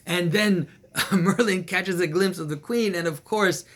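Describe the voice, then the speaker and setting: A man retelling an old legend in a casual, animated way, repeating phrases and chuckling now and then. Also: high-pitched, measured pace. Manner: animated, repetitive, with small laughs and restarts. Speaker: storyteller and commentator.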